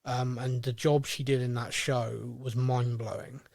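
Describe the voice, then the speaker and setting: A man's voice: mid-range voice, flat delivery, a little slow, gravelly, a little mellow, no room sound, clean studio sound. A man co-hosting a podcast in casual chat, often stumbling and restarting his words. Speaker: podcast co-host.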